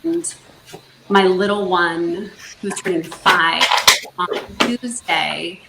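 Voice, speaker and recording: A woman's voice: lowish voice, slow, gravelly, echoey room, heavy background noise. A woman in her forties from Northern California, earnestly telling her story as a guest in a casual interview, with many fillers and restarts. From Northern California, USA. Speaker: foster parent guest.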